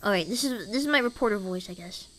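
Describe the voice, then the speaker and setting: A woman streamer chatting casually and excitably with her audience between reading. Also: medium pitch, fast, slight background noise. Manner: bubbly, animated, excitable. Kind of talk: casual game stream chat.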